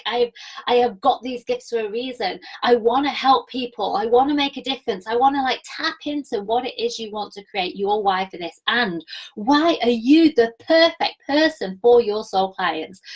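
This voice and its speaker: A woman coaching her viewers in a live session, enthusiastic and spiritual, with a slightly croaky voice from a week of talking. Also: on the high side, poor audio. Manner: enthusiastic, spiritual, reads viewer comments aloud. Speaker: business coach.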